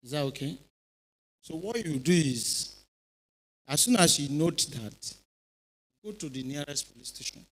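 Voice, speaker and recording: A man's voice: a little high, a little slow, pauses often, rough recording. A middle-aged Nigerian man, a former police officer, telling stories to a youth audience and often checking that they are following. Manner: animated storytelling, keeps checking in with listeners. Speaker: retired police officer speaking at a youth event. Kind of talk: informal speech to a youth audience. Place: church hall.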